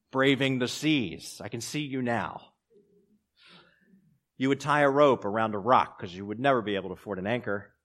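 A man preaching a sermon, swinging between loud, raised passages and quiet, low asides. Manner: preaching with strong rises and drops in pitch and loudness. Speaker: pastor.

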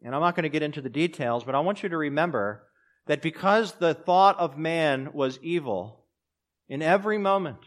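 A man preaching a sermon, swinging between loud, raised passages and quiet, low asides. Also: moderate pace. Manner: preaching with strong rises and drops in pitch and loudness. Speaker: pastor.

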